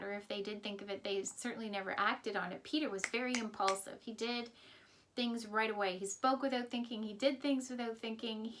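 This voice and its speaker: A woman's voice: fairly high pitch, a bit bright, slight background noise. A woman teaching a Sunday school lesson, retelling a Bible story in simple words and often reminding her listeners of earlier lessons.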